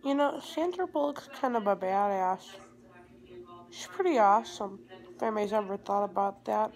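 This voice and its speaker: A woman's voice: medium pitch, moderate pace, rough recording. A teenage girl rambling groggily into her phone at home after surgery. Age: teens. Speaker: vlogger. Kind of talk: rambling selfie vlog. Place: home, indoors. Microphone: phone at arm's length.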